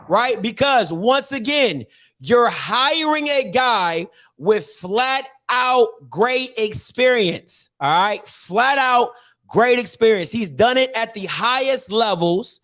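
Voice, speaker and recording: A man's voice: very high voice, expressive, slow pace, sharp tone. A man hosting a sports opinion show, talking emphatically and repeating himself for effect. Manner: emphatic, repetitive, keeps asking "all right?". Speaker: host.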